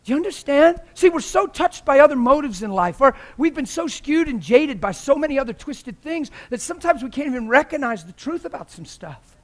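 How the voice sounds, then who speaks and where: Male preacher, very high pitch, impassioned exhorting sermon delivery. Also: very animated, a little fast. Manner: impassioned, rising to shouts.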